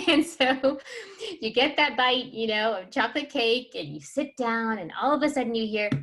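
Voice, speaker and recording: A woman leads a parenting workshop in a relaxed, conversational voice. She fills her talk with ums and little laughs and slips into acted-out everyday scenes to make her points. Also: on the high side, a little slow. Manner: chatty, many fillers, laughs and acts out scenes. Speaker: workshop presenter.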